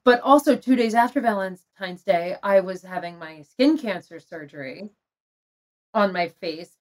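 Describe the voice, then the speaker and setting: A woman's voice: mid-range voice, unhurried. A woman telling a personal story candidly and with feeling, laughing between lines. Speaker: guest telling her love story.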